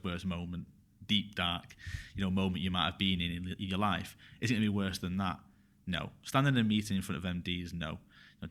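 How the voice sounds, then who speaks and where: A man with a low voice, a guest on a casual podcast. He speaks openly and with feeling, hammering his points home by repeating them. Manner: frank, animated, repeats phrases for emphasis. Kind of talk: casual conversational interview.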